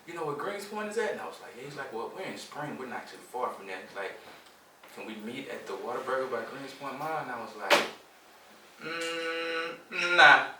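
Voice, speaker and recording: A man from Houston co-hosting a podcast, telling animated stories in casual group chat and acting out what people said. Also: medium pitch, fast talker, noisy background. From Houston, Texas. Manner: animated storyteller acting out quoted dialogue. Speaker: podcast co-host. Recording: echoey room, mic at a distance.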